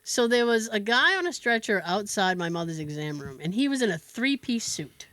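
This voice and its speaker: A woman hosting a podcast, telling a story in a casual, animated way with laughs and swearing. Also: mid-range voice, moderate pace. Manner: animated, laughing, profane, with fillers. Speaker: podcast host.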